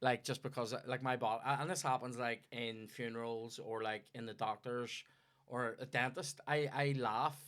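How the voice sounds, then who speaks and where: Northern Irish man, comedy podcast storyteller, salty and animated, mid-range voice. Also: medium pitch, moderate pace. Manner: sweary, animated anecdote-telling. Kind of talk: casual banter and storytelling.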